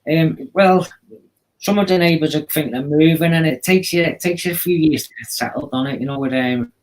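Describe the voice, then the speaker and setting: Man, stream host, rambling chatty delivery, voice sits a little high. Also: brisk, poor audio. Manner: rambling, chatty storyteller with fillers. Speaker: livestream host. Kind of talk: casual chat.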